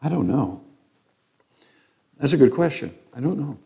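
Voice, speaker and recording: A man's voice: medium pitch, sing-song, measured pace, gravelly, mellow, breathy edge. An older man teaching an informal Bible class in a conversational way, with frequent ums and restarts.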